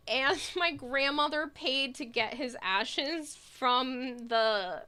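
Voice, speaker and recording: A woman's voice: high-pitched, very slow, sharp tone, smooth. A woman streamer chatting casually with viewers, telling funny family stories with frequent laughter and reading comments aloud. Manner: giggly storytelling, reading chat aloud.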